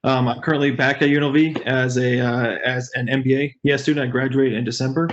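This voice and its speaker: A man introducing himself on a video call, talking quickly and correcting himself as he goes. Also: mid-range voice, steady tone. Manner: quick, halting, self-correcting. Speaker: consulting engineer. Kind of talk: casual self-introduction. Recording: muffled video call with faint noise.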